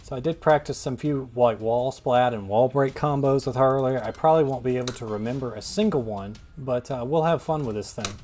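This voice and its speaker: Gaming host, male, mid-pitched, wry and self-mocking, faint music underneath. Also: brisk, few pauses, darkish tone. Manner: wry, self-deprecating, rambling. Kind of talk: casual gameplay commentary.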